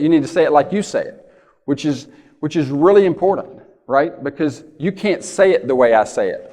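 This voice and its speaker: A man speaks at a middle pitch, giving a folksy keynote in a big conference hall. He tells stories and keeps asking the crowd "right?". His voice carries a long reverb off the hall. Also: darkish tone. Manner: folksy storytelling, asks the audience "right?" often. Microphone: handheld or lapel mic.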